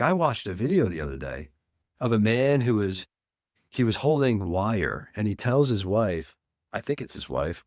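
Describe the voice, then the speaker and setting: A man, a men's coach, speaking earnestly and deliberately as a guest in an interview. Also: fairly low pitch, no echo, studio quality. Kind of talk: reflective interview talk.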